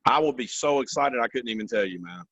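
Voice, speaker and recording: A man's voice: mid-range voice, lively intonation, fast, fairly bright tone, dry recording, rough recording. A man in his forties, a company vice president, giving earnest interview answers, repeating phrases and often saying "man" and "you know".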